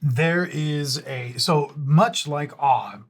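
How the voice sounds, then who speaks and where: A man's voice: a little high, extremely slow, background noise. Casual man playing a tabletop character. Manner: casual, thinks aloud with fillers. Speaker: player. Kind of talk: describing his character's actions in a tabletop game.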